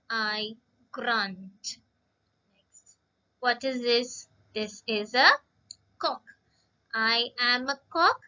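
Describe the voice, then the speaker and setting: Lady teacher, slow and patient, repeats words for the little kids, high bright voice. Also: smooth, lo-fi sound. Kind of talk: recorded classroom lesson for young children.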